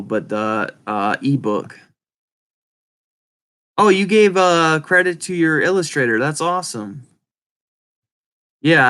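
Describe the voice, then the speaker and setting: A man with a speech impediment chatting casually and rambling to viewers, halting and apologetic, often restarting his words. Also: medium pitch, fairly bright tone. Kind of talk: casual rambling livestream chat.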